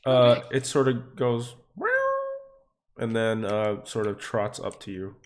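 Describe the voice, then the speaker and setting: A man narrating as game master for a tabletop game, relaxed and full of fillers. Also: on the low side, unhurried.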